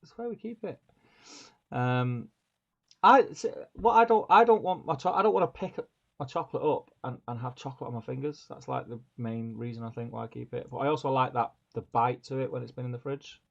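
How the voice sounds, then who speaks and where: A man's voice: medium pitch, fairly quick, gravelly. A man co-hosting a live stream, reading viewer comments aloud and chatting with a laugh. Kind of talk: casual live-stream chat. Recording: dull lo-fi stream audio.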